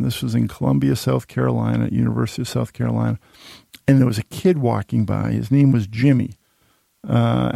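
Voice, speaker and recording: A man hosting a casual conversation, telling self-deprecating stories with lively asides about marketing and teaching. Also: medium pitch, vocal fry, no echo. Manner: self-deprecating, animated anecdotes. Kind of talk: casual storytelling chat.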